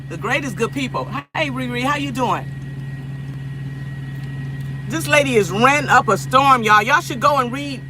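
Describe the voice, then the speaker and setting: A woman's voice: high-pitched, lively intonation, moderate pace, long pauses, noisy background. A woman from Los Angeles chatting casually with viewers on a phone livestream, repeating herself and laughing often. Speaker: livestream host.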